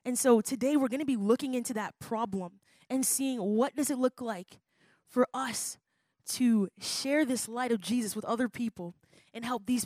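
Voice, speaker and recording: A woman youth pastor teaching students with bright, upbeat energy and a slightly high-set voice. She calls on the crowd to repeat lines back to her, and her voice sounds close and dry, with almost no room echo. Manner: upbeat, leads the crowd in call-and-response.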